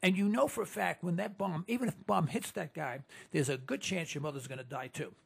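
A man's voice: a little high, a little fast, gravelly, husky. A man hosting a political talk radio show, rambling and emphatic, repeating words and restarting sentences.

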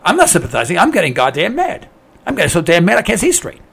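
Gravelly, husky man ranting indignantly. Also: sits high, huge pitch swings, fast talker, fairly bright tone. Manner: indignant, ranting, repeats himself. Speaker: radio talk host. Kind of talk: opinionated monologue.

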